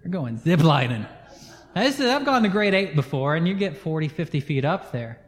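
A pastor with a notably high voice tells a story from the pulpit in an animated, laughing way. The sound carries a long reverb, as in a large hall. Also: male voice, a little fast. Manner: animated storyteller, laughs through his own anecdotes. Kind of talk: storytelling sermon.

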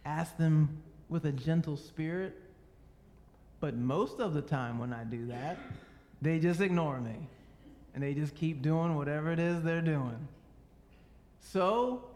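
A man's voice: on the high side, unhurried, a little mellow, big-room sound. A male pastor preaching a sermon, emphatic and drawing out key words for weight.

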